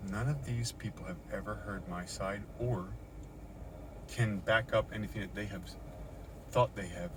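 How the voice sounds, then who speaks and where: Background noise accompanies a shaken middle-aged man speaking in a lowish voice at a moderate pace. As a vlogger in a parked car in a parking lot, he records an agitated first-person account of an encounter on his phone, swearing and repeating himself.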